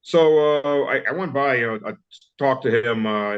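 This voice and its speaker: A man in his fifties with a Southern US accent speaks as an interview guest, telling stories bluntly with a wry edge. He hesitates often and restarts his sentences, at a middling pitch. The audio sounds dull and lo-fi. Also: clear, resonant tone. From southern United States. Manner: blunt, wry, halting with many fillers and restarts. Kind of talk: casual interview storytelling.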